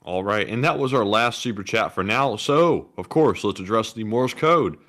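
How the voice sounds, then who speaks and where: A man's voice: lowish voice, expressive, moderate pace, a bit bright. A man with a Southern US accent co-hosting a casual livestream, reading viewer messages in an easygoing, wry way. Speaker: co-host reading super chats.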